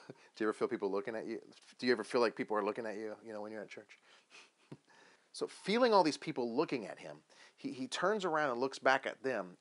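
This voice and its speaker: A man preaching a sermon as pastor, telling a Bible story with lively questions and acted-out lines. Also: on the low side. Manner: animated storytelling, acting out biblical voices with questions.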